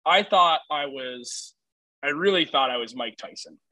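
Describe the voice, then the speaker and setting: Bright-voiced young man telling a story. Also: fairly high pitch, expressive, measured pace, dry recording, rough recording. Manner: rambling, laughing storyteller. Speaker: podcast co-host. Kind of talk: casual storytelling chat.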